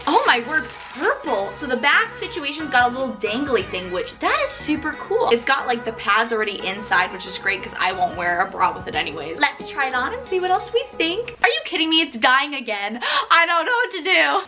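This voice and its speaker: A woman's voice: fairly high pitch, very animated, fairly quick, hardly any pauses, over music. A young woman YouTuber gushing through an unboxing and try-on vlog, chatty, filling her talk with "like" and "literally". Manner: bubbly, gushing, says "like" and "literally" often. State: slight fever. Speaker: clothing YouTuber.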